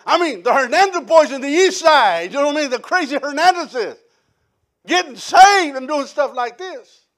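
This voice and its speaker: High-voiced man preaching a lively testimony. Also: normal speed. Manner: animated storytelling with quoted voices. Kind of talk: sermon testimony.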